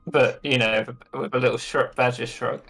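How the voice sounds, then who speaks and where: A man's voice: medium pitch, steady tone, normal speed, vocal fry, a bit bright, faint music behind. A man chatting casually as a player in a tabletop game, laid-back and jokey.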